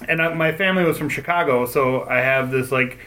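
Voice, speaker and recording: Man, from Cincinnati, casual chat, rambling, middle pitch. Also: brisk, pushed and bright, rough recording. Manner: rambling, laughs often.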